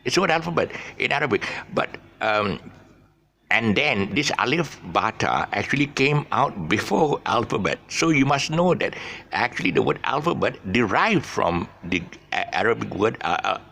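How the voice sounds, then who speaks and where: A man's voice: mid-range voice, very animated, moderate pace, gravelly, bright, forceful tone, slight background noise. A man teaching a casual English lesson, rambling with fillers and restarts as he explains words. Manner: rambling, many fillers and restarts, laughs at himself.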